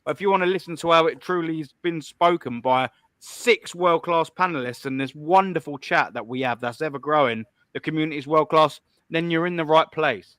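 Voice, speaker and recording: Young male streamer, combative and sweary, higher voice, close dry delivery. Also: a little fast, fairly bright tone, dry recording. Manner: blunt, profane and combative. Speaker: live stream host. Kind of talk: ranting call-in stream commentary.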